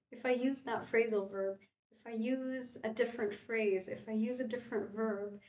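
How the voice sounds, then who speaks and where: A woman teaching an English lesson on a livestream. She keeps checking in with "okay?" and "right?" and reads her example sentences with lively intonation. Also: on the high side. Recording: roomy, distant and dull sound.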